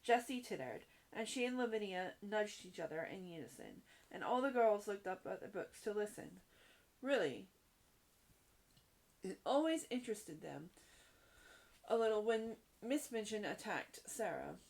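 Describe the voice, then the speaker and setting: A woman reading a children's classic aloud chapter by chapter, in a gentle storytelling manner. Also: medium pitch, animated, unhurried, gravelly. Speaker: audiobook reader.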